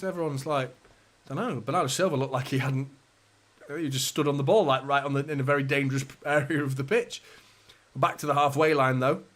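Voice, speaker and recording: A man's voice: a little high, a bit bright. A man hosting a live match watchalong, chatting casually with viewers, bantering and swearing lightly. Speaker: fan channel host.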